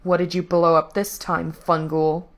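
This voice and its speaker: A woman's voice: fairly low pitch, flat delivery, unhurried. Woman reading as a cold, menacing villain. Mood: growling threat. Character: cold menacing male villain, soft-spoken and cruel.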